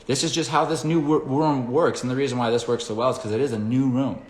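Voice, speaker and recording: A man's voice: mid-range voice, steady tone, quick pace, echoey room. A man, a dog trainer, explaining his method in a casual lesson, blunt and swearing freely as he talks straight to viewers.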